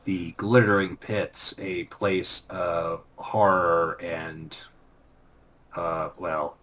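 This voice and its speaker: A man who ran the tabletop games, chatting casually about past sessions, unhurried with fillers and bursts of laughter. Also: low voice, level tone, a bit bright. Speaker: former game master, podcast co-host. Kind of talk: casual storytelling chat.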